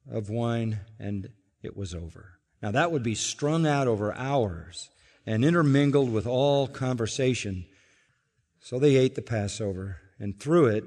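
A man preaching a sermon as pastor, earnest and explanatory, building to emphatic peaks and dropping low again. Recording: long reverb of a large hall.

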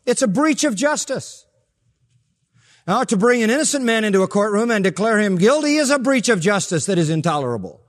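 Male pastor preaching, a fairly high voice, emphatic, with a long hall reverb. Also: very animated, fairly quick. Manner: emphatic preaching with sharp rises and soft drops. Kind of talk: sermon.

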